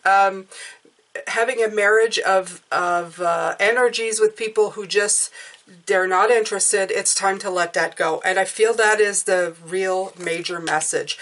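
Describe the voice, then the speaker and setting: A woman giving a casual spoken tarot reading, gentle and chatty, speaking directly to her listeners and often checking in with "okay?". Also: medium pitch, normal speed, poor audio. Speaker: tarot reader.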